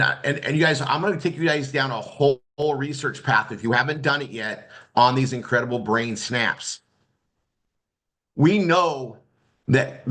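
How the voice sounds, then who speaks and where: A man's voice: medium pitch, fairly bright tone. A man giving a casual marketing training talk to students, rambling with many restarts and fillers. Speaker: marketing instructor.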